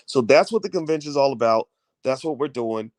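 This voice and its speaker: A man's voice: medium pitch, animated, brisk, dry recording. A middle-aged man hosting a casual video talk, fervent and full of fillers and repeated words. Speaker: host.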